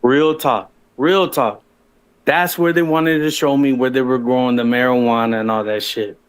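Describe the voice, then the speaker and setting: A man's voice: medium pitch, fairly even intonation, moderate pace, clear, resonant tone. A man telling his own story as a guest on a livestream, rambling and profane, with frequent restarts.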